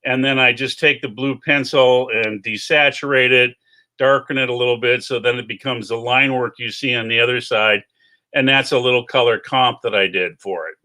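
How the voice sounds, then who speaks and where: Bright-voiced man telling stories. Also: medium pitch, normal speed. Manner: self-deprecating, animated storyteller. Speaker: guest comic artist. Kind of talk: casual chat.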